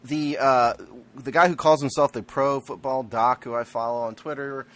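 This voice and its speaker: A man's voice: medium pitch, fairly even intonation, normal speed, a bit bright. A man co-hosting a casual sports podcast, blunt and joking, laughing at his own jabs. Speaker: podcast co-host.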